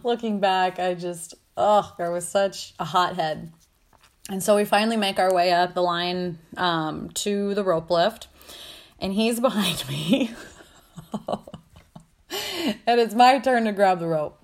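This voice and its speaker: A woman hosting a podcast, telling a personal story in a casual, animated way, swearing freely and laughing often. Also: fairly low pitch, slow pace, long pauses. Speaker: podcast host.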